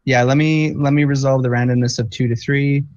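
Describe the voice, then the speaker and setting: A man's voice: mid-range voice, fairly even intonation, fairly quick, a little mellow, dry recording. A man running a tabletop game as game master, thinking aloud with many fillers. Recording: dull lo-fi dry recording.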